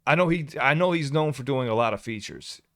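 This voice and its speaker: Man, reaction host, excitable, stumbling restarts, smooth resonant voice, dry close sound. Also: mid-range voice, fairly quick, no echo. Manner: excitable, restarts words, swings from loud outbursts to mutters. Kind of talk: casual reaction commentary.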